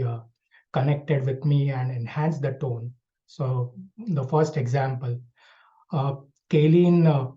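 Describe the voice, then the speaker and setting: A man's voice: medium pitch, mellow. A man giving a spoken evaluation at an online club meeting, hesitant, with many fillers and restarts. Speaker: speech evaluator. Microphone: video call. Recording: dull lo-fi video call audio.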